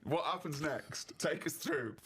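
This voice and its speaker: A man's voice: on the high side, measured pace, noisy background. A man hosting a comedy podcast, firing prodding, incredulous questions at a guest. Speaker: podcast host. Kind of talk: casual podcast chat.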